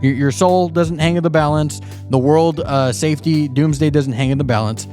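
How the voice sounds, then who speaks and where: A man's voice: a little high, moderate pace, mellow, soft background music. Indignant, sarcastic male commentator. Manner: indignant and sarcastic, mocking the preacher. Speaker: host of a commentary channel. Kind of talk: critical video commentary.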